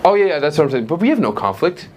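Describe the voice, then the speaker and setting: A man with a German accent works the crowd from a club stage, brash and teasing, often chuckling at his own jokes. His voice sits fairly high and swings widely in pitch. Loud audience laughter rolls behind him. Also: sing-song, very fast. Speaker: stand-up comedian. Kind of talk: stand-up crowd work.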